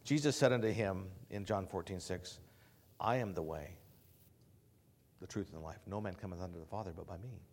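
A man preaching a sermon to his congregation. He shifts between quiet, low passages and loud, emphatic preaching, and often repeats words and restarts phrases. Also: fairly quick.

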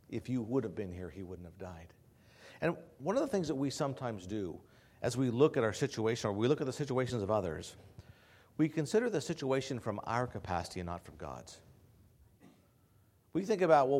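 Animated man preaching a sermon. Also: a little fast, husky. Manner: builds from quiet, low passages to loud, emphatic preaching; repeats words and restarts phrases.

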